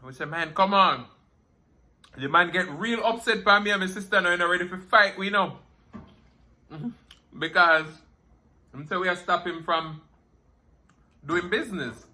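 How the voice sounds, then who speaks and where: A man's voice: high-pitched, moderate pace, long pauses, sharp tone. A young man with a Jamaican accent, chatting casually and telling stories while eating, laughing often and slipping into Patois. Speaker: food vlogger. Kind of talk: casual storytelling mukbang chat.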